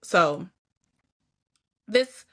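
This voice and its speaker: A chatty woman from Georgia in the US hosts a podcast, talking candidly in a casual personal vlog style while fighting back tears. She draws out her words and laughs and sighs often.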